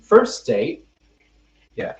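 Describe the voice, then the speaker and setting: A man's voice: extremely slow, faint music behind. A young man from the United States, a podcast host telling a rambling, self-mocking story in casual chat among friends. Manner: rambling, self-mocking, restarts mid-sentence. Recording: roomy, distant and muffled mic.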